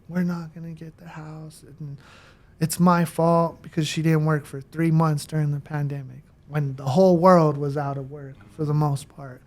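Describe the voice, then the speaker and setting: A man telling his life story in a casual interview, slangy and animated, with many fillers. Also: fairly high pitch. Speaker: guest.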